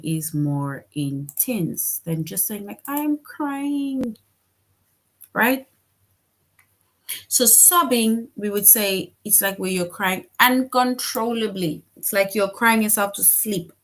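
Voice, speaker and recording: Female teacher, slow unhurried delivery, patient question-led explaining. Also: mid-range voice, a bit bright. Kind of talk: online class lesson.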